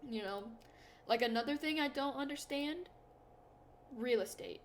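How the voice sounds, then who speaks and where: Young woman, casual vlog chat, slightly high-pitched, rambling and self-deprecating, faint hiss behind. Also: a little slow. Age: young adult. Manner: rambling, self-deprecating storytelling with many fillers and restarts. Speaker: YouTuber.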